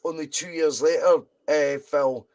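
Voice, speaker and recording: Male podcast co-host, slightly high voice, animated and sweary in casual chat. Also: a little slow. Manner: animated storyteller who swears freely.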